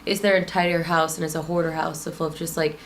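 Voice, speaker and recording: Lady co-host rambling on in casual chat, lowish voice, bit of noise. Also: fairly even intonation, fast. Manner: chatty, rambling, laughs often. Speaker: podcast co-host.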